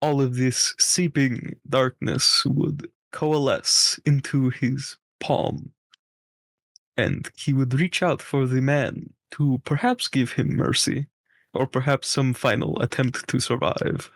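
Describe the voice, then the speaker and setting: A man narrating his character's actions in a tabletop game, slow and measured, pausing to search for words. His voice sits at a mid pitch, and the recording is dry. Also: fairly even intonation, no room sound. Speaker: player.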